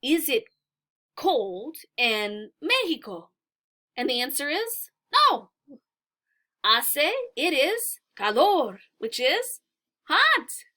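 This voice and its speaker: Patient language teacher, woman, unhurried and bright-toned, reads and explains a simple story. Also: sits high, sing-song. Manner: slow, patient, explains word by word. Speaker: Spanish teacher. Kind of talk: reading a beginner story aloud and explaining it.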